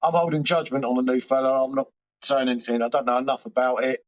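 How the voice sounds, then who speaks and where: A man's voice: mid-range voice, level tone, fast talker. A man hosting a live stream from home, rambling and swearing casually as he chats back to viewers' comments. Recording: dull lo-fi stream audio.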